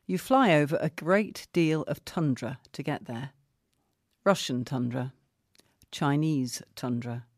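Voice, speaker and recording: A presenter reads a newspaper article aloud in a dry, wry tone. The voice sits at an ordinary pitch. The sound is close and dry, with no room around it. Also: a little mellow, no room sound.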